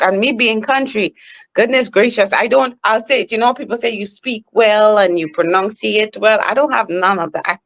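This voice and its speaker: A woman with a Trinidadian accent, a guest on a podcast, talking slowly and emphatically in a casual interview. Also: on the high side. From Trinidad and Tobago. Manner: animated, emphatic, talks slowly. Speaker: podcast guest, professional speaker.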